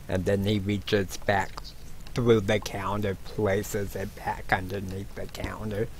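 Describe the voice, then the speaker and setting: A man narrating as game master of a tabletop game, in a halting way. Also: fairly low pitch, little pitch movement, vocal fry, a little hiss or hum, poor audio.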